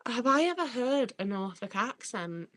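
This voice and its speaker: A woman's voice: a little high, big pitch swings, normal speed, fairly bright tone, no room sound. A young woman with a northern English accent chatting casually on a livestream, laughing often and swearing freely. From Stoke-on-Trent, England. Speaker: livestreamer reading chat. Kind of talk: casual chat.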